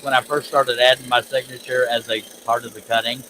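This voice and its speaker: A man's voice: medium pitch, level tone, brisk, pushed and bright, slight background noise, low-quality recording. A man hosting a live stream, chatting casually and poking fun at himself while he works. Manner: easygoing, self-mocking, chuckles often. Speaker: live-stream host and artist. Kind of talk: casual chat while working.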